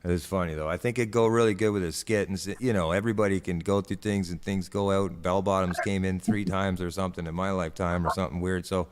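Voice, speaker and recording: Low-voiced rambling man in a reverberant room. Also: steady tone, fast talker, few pauses, noisy background. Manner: rambling, enthusiastic suggestions. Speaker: guest on a live stream. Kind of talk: casual chat.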